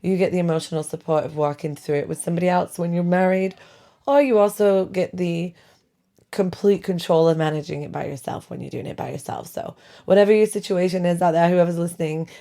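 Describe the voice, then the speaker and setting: Middle-aged mom podcasting from her bedroom, kinda low voice, lots of laughing, loose casual chat. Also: a little fast, warm tone. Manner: chatty, self-deprecating, laughs often. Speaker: podcast host. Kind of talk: casual chatty podcast monologue. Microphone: home podcast mic.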